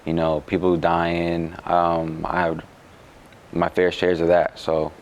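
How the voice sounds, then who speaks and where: Very deep flat-voiced young man. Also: slight background noise. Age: young adult. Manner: relaxed, halting, with many fillers. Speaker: college basketball player. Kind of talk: interview answers.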